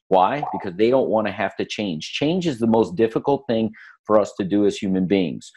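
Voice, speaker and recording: Middle-aged guy coaching on a podcast, low voice, acts out quotes, lively. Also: slightly rough. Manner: animated storyteller acting out quotes. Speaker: podcast guest, lifestyle coach. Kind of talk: casual podcast conversation.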